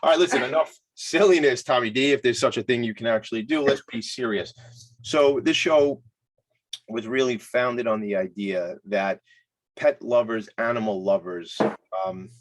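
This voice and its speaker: A man hosting a casual talk show with loud, hyped energy and a playful streak. His pitch sits mid-range, and he jokes around with his guests. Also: moderate pace. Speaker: host.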